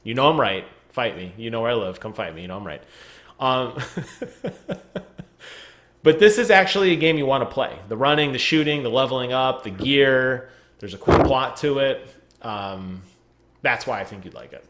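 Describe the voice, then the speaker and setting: A man's voice: medium pitch, animated, normal speed, fairly bright tone, dull audio. A man chatting casually on a gaming podcast over a remote call, joking and laughing often. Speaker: podcast co-host.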